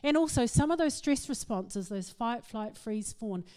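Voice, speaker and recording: A middle-aged woman, giving a humorous, self-mocking talk to an audience in an animated storytelling manner. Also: a little high, a little slow, clean tone. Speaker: speaker.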